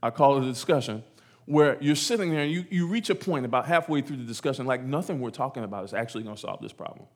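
A man at mid pitch preaching to a congregation in a church. He talks in an animated way, repeating phrases for emphasis and slipping into acted-out voices. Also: fast talker. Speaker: pastor. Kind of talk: sermon.

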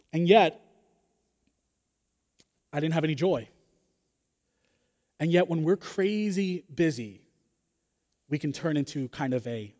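A male pastor preaches his sermon with a lively, joking storytelling manner. His voice sits a little high. The sound is dull and carries a long reverb from the hall.

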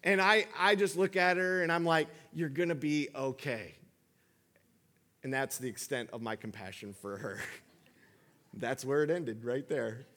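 A man's voice: mid-range voice, moderate pace, a bit bright. A man in his thirties, a father, preaching a sermon in a conversational storytelling way with frequent restarts. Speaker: pastor.

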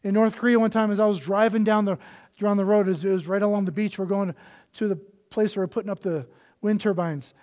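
A male pastor preaching a sermon with earnest passion, swinging between loud emphasis and hushed, near-whispered lines. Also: high-pitched, fairly even intonation, quick pace.

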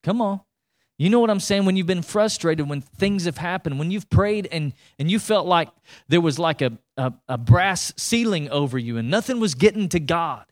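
Man preaching, animated and conversational, rhetorical questions, fairly high-pitched voice. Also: normal speed. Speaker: pastor. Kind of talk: sermon.

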